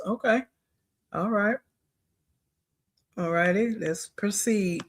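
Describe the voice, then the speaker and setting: A man's voice: high voice, expressive, very slow, pauses often, bright, forceful tone. A man hosting a reaction video, giving blunt, scornful commentary on a clip he is watching.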